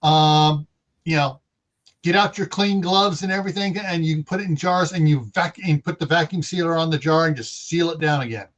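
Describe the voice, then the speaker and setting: A man hosts a relaxed panel chat and talks in loose, halting runs. He stops often for fillers and restarts. His voice sits a touch high for a man. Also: lo-fi sound. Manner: rambling, halting with many fillers. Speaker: host.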